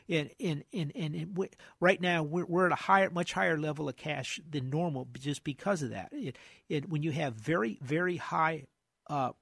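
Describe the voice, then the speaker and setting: A man hosting a financial radio show, losing his voice, talking fast about markets with many restarts and repeated words. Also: fairly high pitch, vocal fry, fairly bright tone, husky, no echo, clean studio sound.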